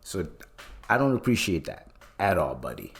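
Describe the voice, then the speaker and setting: A man in his late twenties with a fairly low voice, ranting casually on his podcast. He swears freely and tells the story with lots of energy, jumping way up in pitch when he gets heated. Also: moderate pace, vocal fry. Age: late 20s. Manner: profane, animated, voice leaps high when worked up. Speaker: podcast host.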